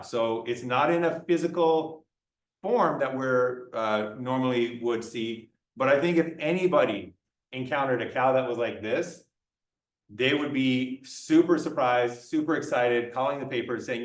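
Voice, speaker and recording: A man's voice: medium pitch, unhurried. A male lecturer giving a conversational classroom talk, acting out little dialogues as he explains. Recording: echoey room, mic far off.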